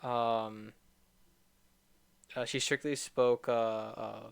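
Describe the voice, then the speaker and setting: A man's voice: mid-range voice, little pitch movement, drawn-out words, vocal fry, clean tone. A man hosting a casual streamed group chat, rambling with many fillers. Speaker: podcast host.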